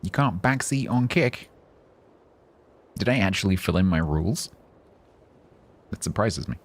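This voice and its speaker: A man's voice: deep voice, animated, measured pace. A man streaming a game live, chatting casually in a rambling, self-mocking, joking way.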